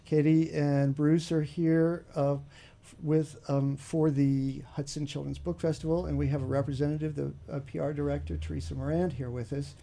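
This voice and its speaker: A man hosting a radio talk show from a studio, introducing guests in a friendly, halting way. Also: on the high side, little pitch movement, gravelly, mellow. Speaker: radio host. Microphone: studio mic.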